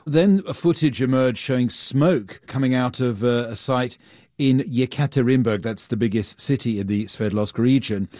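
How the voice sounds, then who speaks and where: A man, a global affairs reporter, explaining events in a measured, explanatory way during a news interview. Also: mid-range voice, warm tone, dry recording, studio quality.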